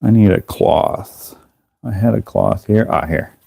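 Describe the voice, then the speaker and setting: A man hosting a live stream, telling a rambling, animated story with casual swearing and laughter, jumping into high voices to act out other people. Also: a little slow, gravelly, breathy edge, no echo, studio quality. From Canada. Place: indoors, working on a craft while streaming.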